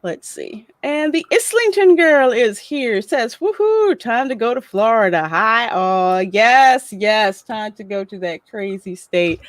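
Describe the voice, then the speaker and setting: A woman's voice: medium pitch, dry recording. A woman hosting a casual livestream, chatty and laughing often as she greets viewers by name and reads their messages. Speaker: livestream host reading chat.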